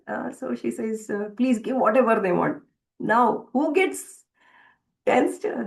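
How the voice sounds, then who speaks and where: Woman giving a scripture class, slow and halting, lots of uh and you know, bit of fry in the voice. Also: medium pitch, poor audio. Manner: hesitant, many fillers and restarts. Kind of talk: devotional scripture class, retelling a story.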